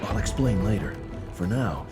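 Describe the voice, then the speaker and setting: A man's voice: lowish voice, sing-song, moderate pace. An actor voicing a sardonic male adventurer in a video game, who speaks in dry, witty remarks. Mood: wry. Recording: game music behind the voice.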